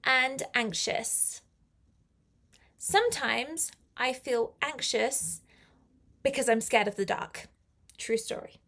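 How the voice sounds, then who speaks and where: A woman's voice: high-pitched, slow, gravelly, long pauses, a bit bright. A woman teaching a live online English lesson, chatty and encouraging as she answers viewer comments.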